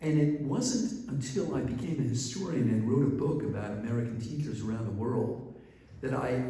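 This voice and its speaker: A man's voice: mid-range voice, warm tone. A male professor giving a conversational storytelling lecture, often checking in with "right?", recorded from a distance in a large hall. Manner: conversational, frequent "right?" asides. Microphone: distant mic. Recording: echoey hall from a distance, faint ambience.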